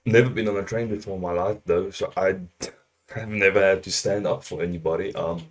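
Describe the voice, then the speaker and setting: A South African man chats loosely over a video he is reacting to, joking, laughing often and swearing now and then. His voice sits deep and low, and the talk is casual and unscripted. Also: steady tone, brisk, a little hiss or hum.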